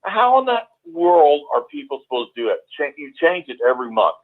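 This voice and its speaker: A man's voice: a little high, sing-song, brisk. A man in a casual group discussion, speaking in a wry, teasing way. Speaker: panelist. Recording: tinny phone-like line.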